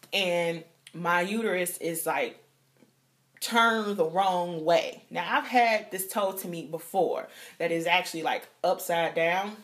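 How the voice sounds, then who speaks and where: Young woman, vlogger, storytelling, animated, acts out quotes, drops to whispers. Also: lowish voice. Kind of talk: storytelling vlog.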